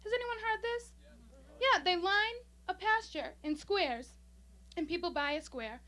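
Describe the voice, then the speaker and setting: A high-voiced young woman doing stand-up on a small club stage. She sounds bubbly and giddy, rushing through her jokes with breathless excitement. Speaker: stand-up comic. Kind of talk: stand-up comedy set. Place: small comedy club stage, audience laughing.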